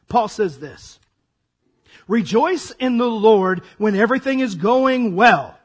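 A man preaching a sermon as pastor, his voice hoarse and raspy, acting out dramatic asides. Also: sits high, big pitch swings, slow pace.

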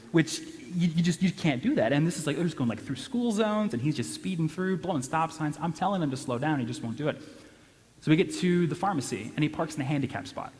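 Young man, church event storyteller, animated and self-mocking, mid-pitched, big reverberant hall. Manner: animated, self-deprecating, many restarts and "right?". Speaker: church speaker. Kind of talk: storytelling talk to an audience.

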